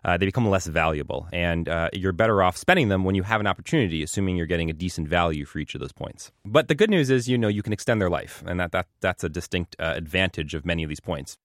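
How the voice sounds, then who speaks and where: A man answering questions as an interview guest, talking rapidly and fluently. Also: sits low, expressive, no room sound, clean studio sound.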